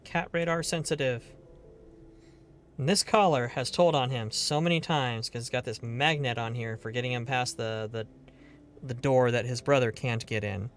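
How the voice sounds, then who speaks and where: A man's voice: mid-range voice, normal speed, a little hiss or hum. A man streaming a game live, chatting casually in a rambling, playful way and swearing now and then.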